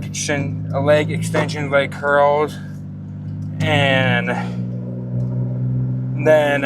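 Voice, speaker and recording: A man's voice: medium pitch, a little hiss or hum. Winded young man vlogging his workout. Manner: rambling, casual, filler-heavy. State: out of breath. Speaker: fitness vlogger. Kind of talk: casual vlog narration. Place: gym, then in a car.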